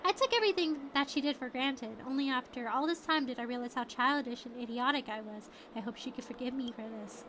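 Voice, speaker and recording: A woman voicing a remorseful young man who has come back as a spirit, reading his lines softly and earnestly in a formal manner. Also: sits high, fairly quick, few pauses, slight background noise. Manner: soft, earnest, formal, read aloud from the screen. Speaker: streamer reading game dialogue.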